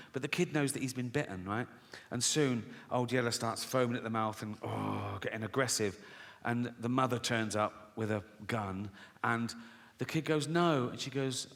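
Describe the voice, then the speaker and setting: Brash comedian in a big hall. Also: male voice, medium pitch, moderate pace, fairly bright tone. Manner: brash, swearing, acts out characters in silly voices. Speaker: stand-up comedian. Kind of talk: stand-up comedy set. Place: large theatre stage with a live audience. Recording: long hall reverb, faint crowd.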